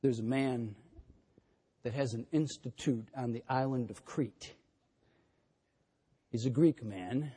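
A man preaching a sermon, emphatic and repetitive, building phrases into forceful declarations. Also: medium pitch, slow pace, long pauses, husky, long reverb tail.

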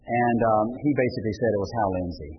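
Husky-voiced man preaching a sermon. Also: fast talker, dull audio, soft background music. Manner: impassioned, rises in pitch and volume on quoted pleas. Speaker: pastor.

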